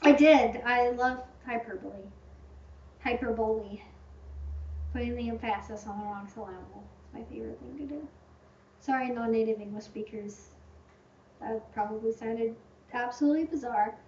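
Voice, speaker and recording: High-voiced chatty woman, echoey room. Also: normal speed, a little mellow, slight background noise. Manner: chatty, rambling, heavy use of "like", fond of hyperbole. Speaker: channel host answering viewer questions. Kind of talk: casual livestream Q&A. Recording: echoey room, distant muffled mic.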